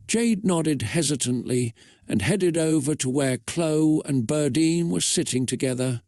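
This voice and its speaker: A man reading a fan story aloud in a flat, steady way. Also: fairly high pitch, unhurried, no room sound, clean studio sound. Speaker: narrator.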